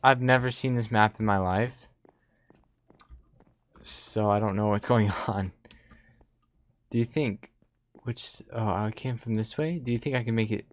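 Young male gaming commentator, jumpy and chatty, talks to himself, medium pitch, slightly muffled home recording. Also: expressive, unhurried, long pauses. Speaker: gaming YouTuber. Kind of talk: Minecraft gameplay commentary. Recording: slightly dull lo-fi audio.

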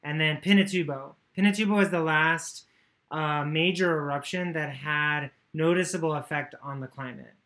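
A woman's voice: low-pitched, normal speed, a bit bright. A woman giving a loose, joking lecture, often correcting herself and swearing casually. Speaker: course lecturer.

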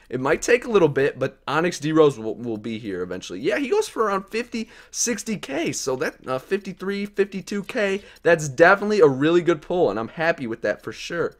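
A young man with a fairly high-pitched voice opens game card packs on a live stream, buzzing with hype and talking to the player cards. He goes from muttering under his breath to suddenly yelling.

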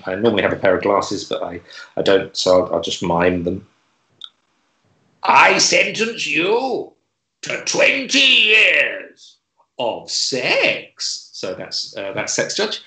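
A man hosting an online comedy club, delivering deadpan stand-up in a hesitant way with lots of filler words. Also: fairly low pitch, echoey room, rough recording. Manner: hesitant, many fillers and restarts, dry delivery.

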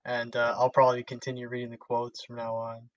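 A young man hosting a podcast in casual chat, relaxed and a bit hesitant. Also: medium pitch, a little fast, no echo, highs cut off. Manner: relaxed, hesitant, many fillers. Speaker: podcast host.

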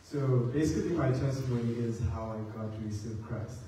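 A man from Zimbabwe speaks his church testimony at a measured, reflective pace, pausing often. His mid-pitched voice rings through a large echoing hall. He is recorded from a distance, with light hiss behind him. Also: dark tone. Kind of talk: spoken testimony to an audience. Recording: echoey hall, distant mic, faint hiss.

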